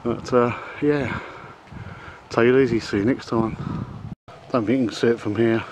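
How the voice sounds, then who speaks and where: A middle-aged man, out of breath, talking haltingly to a handheld camera outdoors at night in the rain, with many ums and uhs. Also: mid-range voice, fairly even intonation, background noise. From England. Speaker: vlogger. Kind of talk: casual vlog to camera.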